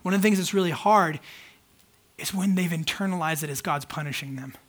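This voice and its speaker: Pastor, male, high voice, preaches in a loose, candid, conversational way. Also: a little fast, a bit bright. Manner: conversational, candid, many fillers. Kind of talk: casual sermon.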